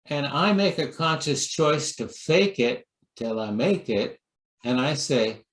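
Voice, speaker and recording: A man pastor delivers a sermon talk at an unhurried pace, gentle and story-driven, slipping into lively acted voices for quotes. His mid-range voice carries through an echoey room. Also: mid-range voice.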